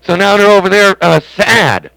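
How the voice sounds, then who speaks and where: A man's voice: high-pitched, normal speed, gravelly, heavy background noise. A man hosting a CB radio stream from his home base station, chatting in a rambling, joking, folksy way. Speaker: CB radio operator and stream host. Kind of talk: casual radio chat.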